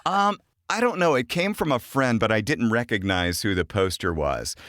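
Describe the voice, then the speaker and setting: A man's voice: mid-range voice, lively intonation, moderate pace, fairly bright tone, no room sound, clean studio sound. A man from Arkansas with a Southern accent, co-hosting a podcast in casual, joking chat full of folksy sayings. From Arkansas, USA. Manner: playful, jokey, slips into folksy sayings. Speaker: podcast co-host.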